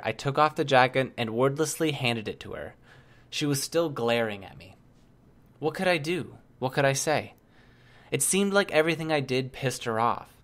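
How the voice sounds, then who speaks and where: A man's voice: medium pitch, a bit bright. A man narrating an audiobook in the first person, reading evenly and keeping the dialogue understated.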